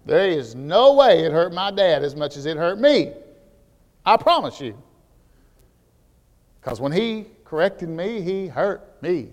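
A man preaching a sermon as pastor, telling animated stories that build to near shouts. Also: on the high side, takes it slowly, long pauses, in a large hall.

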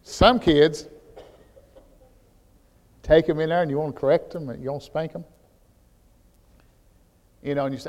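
A man preaching a sermon as pastor, telling animated stories that build to near shouts. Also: a little high, normal speed, long pauses, big-room sound.

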